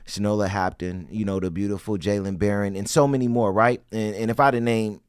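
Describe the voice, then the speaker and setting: Male interview host, casual and slangy, lower voice, dry close sound. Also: steady tone, fairly quick, clean tone, dry recording. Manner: laid-back, slangy, laughs easily.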